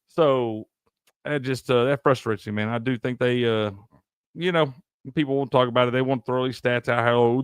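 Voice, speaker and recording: A man's voice: mid-range voice, smooth, no echo, studio quality. A man from Tennessee, hosting a live sports stream, ranting heatedly and profanely while answering chat. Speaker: sports show host.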